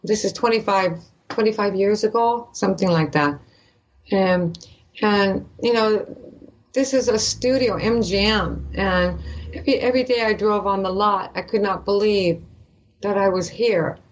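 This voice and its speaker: A woman's voice: medium pitch, a little slow, highs cut off, a little hiss or hum. Older Canadian woman telling a story. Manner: storytelling, acting out quoted voices. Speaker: actress guest. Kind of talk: animated anecdote in a podcast interview.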